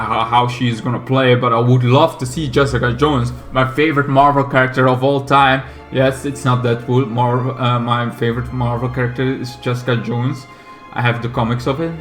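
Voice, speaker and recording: A man's voice: medium pitch, fairly bright tone. A man in his thirties hosting a gaming channel, talking casually and bluntly with frequent swearing and fillers. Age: 30s.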